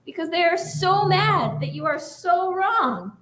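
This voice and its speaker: Casting note: woman doing a defiant lone rabbi of old, high and insistent, slow emphatic claims, echoey sanctuary. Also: animated, pushed and bright, heavily acted. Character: stubborn lone male ancient rabbi, defiant.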